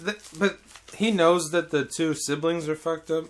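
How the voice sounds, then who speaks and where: A man's voice: on the high side, steady tone, a little slow. A man telling a classroom story in casual chat, laughing, swearing and shrieking as he quotes a child. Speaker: English teacher in Japan.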